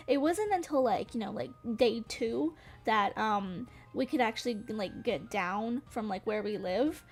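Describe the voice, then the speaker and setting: A young vtuber streamer from Western North Carolina chats casually on a livestream, rambling with plenty of fillers and giggles. Her voice is on the high side, animated and slow, with faint music playing behind her.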